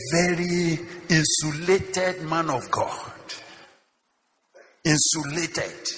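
A man's voice: a little high, a bit bright, long reverb tail, a little hiss or hum. A male pastor preaching a sermon in a church, emphatic, firing repeated rhetorical questions at the congregation.

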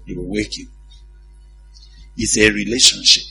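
Man, preacher, sermon, rough gravelly voice, animated, humorous, checks in with the congregation. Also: fairly low pitch, unhurried, soft background music, low-quality recording.

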